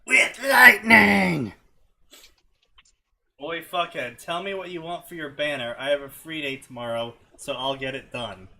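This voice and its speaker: A man's voice: medium pitch, a little fast, few pauses, bright, forceful tone, a little hiss or hum. A man co-hosting a casual stream, reading fanfiction aloud in a sarcastic, mock-dramatic way.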